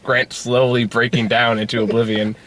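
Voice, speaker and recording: Bright-voiced, sardonic young man. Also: mid-range voice, level tone, normal speed. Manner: sardonic, swears, laughs between remarks. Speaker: co-reviewer. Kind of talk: casual car-ride movie review chat. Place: inside a car.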